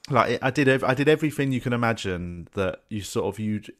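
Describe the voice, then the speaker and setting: A man in his thirties, a podcast guest, telling stories in a relaxed, casual way with some swearing. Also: medium pitch, brisk. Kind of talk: casual chat.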